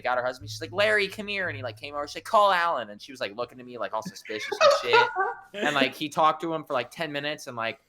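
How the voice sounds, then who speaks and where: A young man telling a story in a casual podcast chat, animated and swearing a lot as he acts out the people in it. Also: mid-range voice.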